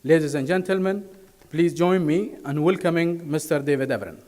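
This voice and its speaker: A man hosting a corporate event, reading a formal, measured introduction of the speaker. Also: a little high, a little mellow. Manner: reads formally, careful and measured. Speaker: event host. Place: large conference hall. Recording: reverberant hall sound.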